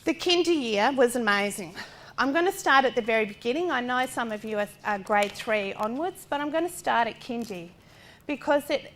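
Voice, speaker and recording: A middle-aged woman gives a lecture talk as a parent of a child with a disability. She speaks directly, asks rhetorical questions and acts out what other people said. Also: a little high. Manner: animated, acting out other people's lines. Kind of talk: lecture talk drawn from personal experience.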